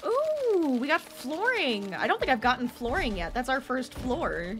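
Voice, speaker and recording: A woman streaming a video game, chatting excitedly and reacting aloud to her viewers. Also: high-pitched, measured pace. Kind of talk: casual gameplay commentary.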